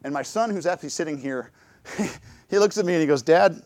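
A man's voice: fairly high pitch, a little fast, no echo. A middle-aged man giving a church talk, telling personal stories and acting out what he and others said. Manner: lively storytelling, acts out his own quotes. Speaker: church speaker.

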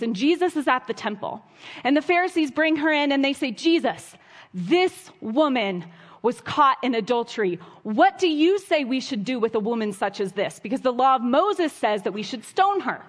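A woman preaching a sermon, earnest and storytelling, with wry asides. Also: fairly high pitch. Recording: long hall reverb.

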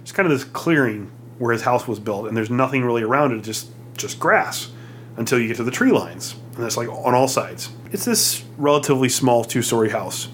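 A man's voice: expressive, a little fast, a bit bright, slight background noise. A man hosting a podcast, reading a sponsor spot and chatting in an easygoing way, chuckling along. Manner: easygoing, chuckling, friendly pitchman. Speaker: podcast host. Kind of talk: casual podcast chat with ad read.

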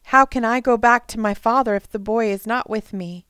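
A woman's voice: fairly high pitch, fairly even intonation, normal speed, fairly bright tone, smooth, dry recording, clean studio sound, close to an everyday voice. A woman doing a desperate pleading brother. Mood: begging. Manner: earnest, urgent pleading. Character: pleading grown male brother, desperate and humble.

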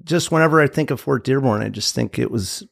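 A man joins a podcast as a guest and talks haltingly, full of ums and uhs. His voice sits mid-range, dry and close to the mic. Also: medium pitch, gravelly, dry recording. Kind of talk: casual chat.

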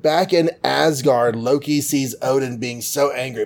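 A man's voice: medium pitch, a little slow, vocal fry, hardly any pauses. A man hosting a podcast, recapping a comic book in a chatty, jokey way. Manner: chatty, jokey, full of fillers. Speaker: podcast host.

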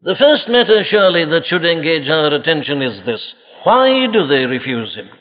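Older guy preaching, solemn and emphatic, fairly high voice, dull old recording w long echo. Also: very animated, moderate pace. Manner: solemn, emphatic, rhetorical questions. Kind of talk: sermon. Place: church congregation. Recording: lo-fi archive recording with long hall reverb.

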